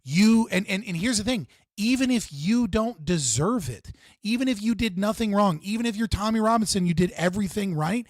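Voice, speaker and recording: Recorded dry with clean studio sound, a high-voiced man hosts a live stream and rants about politics. He's heated and profane, repeating things for emphasis.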